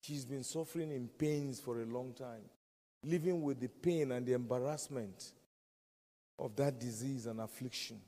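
A man's voice: medium pitch, normal speed, mellow. A man preaching a sermon, emphatic and fond of repeating key phrases. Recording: long reverb of a large hall.

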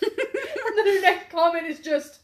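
Young woman, high voice, swears a lot telling a story, echoey room. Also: a little slow. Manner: profane, animated, laughing storyteller. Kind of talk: casual chat, storytelling.

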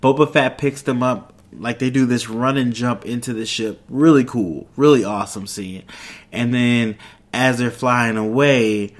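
A man giving a loose, casual recap of a TV episode, rambling and quoting the characters in quick offhand voices. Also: mid-range voice. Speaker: show recapper.

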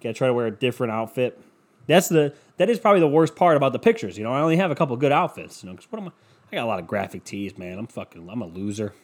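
A man's voice: mid-range voice, very animated, racing. A man rambling through a casual solo monologue at home, swearing often and putting himself down. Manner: rambling, profane, self-deprecating.

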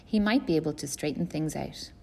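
A woman reading aloud puts on an elderly grandmother, proper and devout, who states her views as settled fact. The voice rides a bit higher than the reader's own low, gravelly tone, with creak still under it. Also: a little fast, warm tone, exaggerated voice. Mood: insistent. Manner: firm, matter-of-fact. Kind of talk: audiobook character voice.

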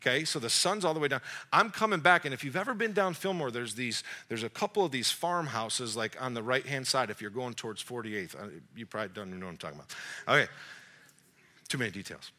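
A man in his forties giving a sermon as a lively storyteller, cracking jokes and acting out both sides of the conversation. His voice is strikingly bright and forward, and it jumps around a lot in pitch. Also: fast. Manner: animated, jokey storyteller, acts out dialogue. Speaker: young adult pastor.

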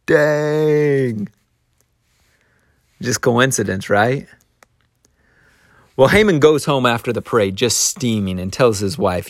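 Brief: casual male storyteller, lively asides, mid-pitched voice, dry close recording. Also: no room sound. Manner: animated, chuckling asides, acts out quotes. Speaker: Bible storyteller.

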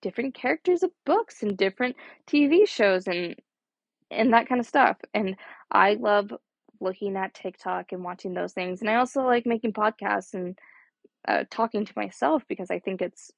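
A young college woman hosts a casual solo podcast, rambling chattily and saying "like" constantly. Her mid-range voice is creaky, her pace moderate, and the recording is dry.

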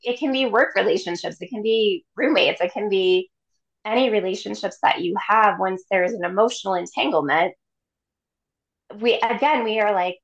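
A woman's voice: medium pitch, moderate pace, muffled recording. Chatty woman acting out quotes. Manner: animated, quotes imagined voices, laughs often. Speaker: podcast guest, chakra teacher. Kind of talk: casual chat.

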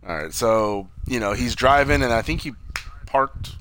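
A man's voice: mid-range voice, animated, normal speed, noisy background. A man co-hosting a casual movie review chat, loosely retelling scenes, swearing often and acting out quotes. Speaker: podcast co-host.

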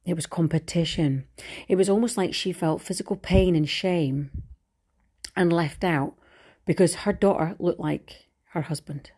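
A woman's voice: fairly low pitch, unhurried, dark tone, breathy edge. A middle-aged woman talking frankly and at length in a candid personal monologue, rambling and swearing casually. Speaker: vlogger.

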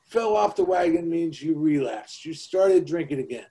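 High-voiced man preaching recovery talk. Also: animated, moderate pace, mellow, poor audio. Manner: preachy, emphatic, swears casually. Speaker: podcast co-host.

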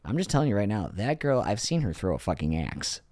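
Speaking quickly in a fairly low voice, a man in his thirties co-hosts a podcast. He's an animated storyteller in the casual chat, cursing freely and often breaking into laughter.

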